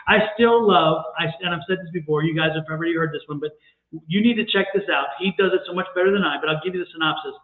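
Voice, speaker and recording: A man's voice: fairly high pitch, quick pace. A man co-hosting a tarot livestream, giving a reading in a chatty, repetitive way and laughing easily. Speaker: tarot reader and co-host. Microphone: livestream call audio. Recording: echoey, tinny phone-like stream audio.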